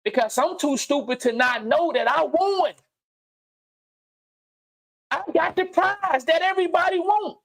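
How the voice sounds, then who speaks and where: A man hosting a livestream and giving an unscripted motivational monologue, blunt and profane, repeating phrases and swinging from low murmurs to loud outbursts. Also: a little slow, vocal fry, long pauses. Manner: blunt, preachy, profane street slang. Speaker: livestream host. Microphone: streaming mic.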